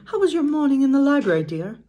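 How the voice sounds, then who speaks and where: A woman voicing a fussing, motherly female teapot housekeeper in a storybook reading, trying a British accent in a high, sing-song voice. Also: sing-song, fast, mellow.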